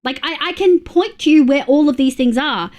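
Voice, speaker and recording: A young woman from Australia chatting casually on a gaming livestream, swearing often and reacting loudly to scares. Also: sits high, normal speed. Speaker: streamer.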